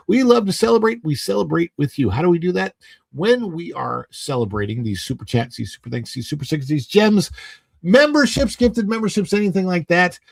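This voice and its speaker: A man's voice: on the high side, vocal fry, no echo. A man hosting a casual live stream, chatting and reading viewer names aloud. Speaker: livestream host.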